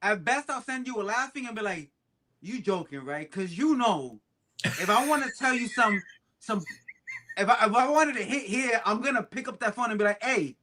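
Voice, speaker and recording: A man with a high, bright and forceful voice co-hosts a casual podcast. He jokes emphatically. He swings between loud bursts and hushed asides. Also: lively intonation, moderate pace. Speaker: podcast co-host. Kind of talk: casual chat.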